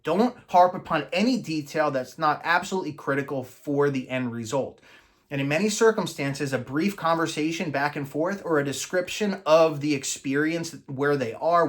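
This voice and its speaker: A man coaching listeners in an earnest, explanatory teaching monologue, slowing down to stress key phrases. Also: fairly high pitch, a bit bright. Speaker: manifesting coach.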